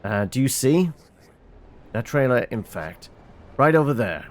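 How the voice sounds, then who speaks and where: A man's voice: medium pitch, very animated, measured pace. A man reading a game's dialogue aloud for every character, with fillers and small restarts. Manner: reads all characters, stumbling with fillers. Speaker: game reviewer reading dialogue.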